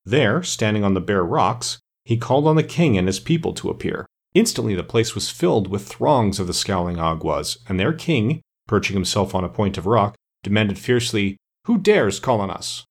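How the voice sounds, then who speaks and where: A man with a somewhat low voice narrating an audiobook. He reads at a measured, even storytelling pace. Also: husky.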